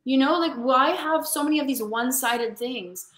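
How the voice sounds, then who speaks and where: A woman's voice: sits high, moderate pace, fairly bright tone. A woman sales coach being interviewed over a video call, speaking in a passionate, emphatic motivational way. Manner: passionate, emphatic, calls listeners honey. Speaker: sales coach for women, guest. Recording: echoey room.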